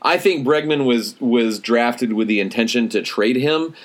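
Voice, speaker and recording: A man's voice: medium pitch, lively intonation, a little slow. Man co-hosting a casual sports podcast. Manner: teasing, quizzing his co-host. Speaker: podcast co-host.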